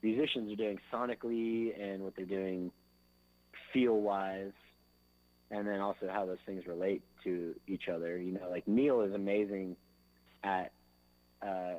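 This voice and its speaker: A man's voice: lowish voice, a little mellow, poor audio. Rambling man sounding out drum grooves. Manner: loose and rambling, fills with "like" and "you know"; sings drum beats with his mouth. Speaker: drummer and interview guest. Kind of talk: casual interview chat.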